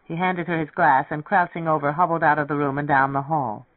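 Steady reader on a tinny radio line. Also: mid-range voice, fairly quick, no room sound. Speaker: narrator. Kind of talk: audiobook reading of a novel. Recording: tinny, dry radio broadcast.

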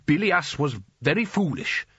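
A man reading aloud, voicing a suspicious old wizard who blusters loudly and gets flustered. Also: on the high side, very animated, measured pace, breathy edge, no echo, dull audio, voice pushed up, full character voice. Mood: blustering.

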